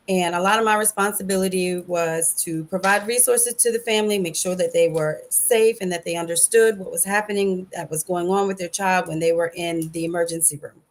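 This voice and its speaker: A middle-aged woman sharing a personal testimony at a support group, speaking earnestly and haltingly over a video call. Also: mid-range voice.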